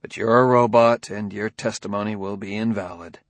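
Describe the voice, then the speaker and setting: An actor playing a tense, hunted police detective who reasons out loud urgently and anxiously in an audiobook. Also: male voice, on the low side, fairly even intonation, normal speed, dry recording, close to an everyday voice. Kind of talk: audiobook dialogue reading.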